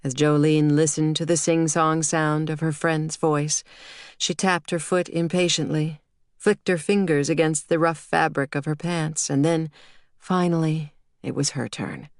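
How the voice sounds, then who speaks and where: A woman narrating an audiobook in a steady, measured reading. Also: low-pitched, no room sound, studio quality. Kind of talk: scripted narration.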